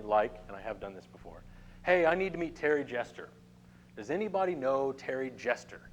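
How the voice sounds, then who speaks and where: A man's voice: medium pitch, a little hiss or hum, rough recording. A middle-aged man teaching a networking workshop to a live room, talking casually and checking in with "okay?" often. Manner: conversational, addresses the room with frequent "okay?" check-ins. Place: meeting room with a small audience.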